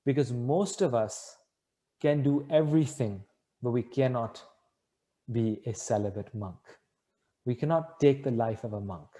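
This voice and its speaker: A man's voice: medium pitch, dark tone. A man answering a question with an earnest, rambling story that corrects itself as he goes. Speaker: spiritual speaker answering a question.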